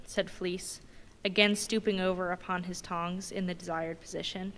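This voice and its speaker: A woman reading a novel aloud at a public marathon reading, in a measured, plain way. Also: on the low side, flat delivery, fairly bright tone. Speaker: volunteer reader. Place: large museum reading hall. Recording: long reverb in a big hall.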